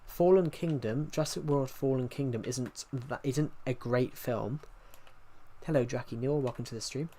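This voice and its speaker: Mellow and medium-pitched, a young British man talks at a moderate pace during a casual livestream. His chat wanders with many restarts as he answers comments from viewers.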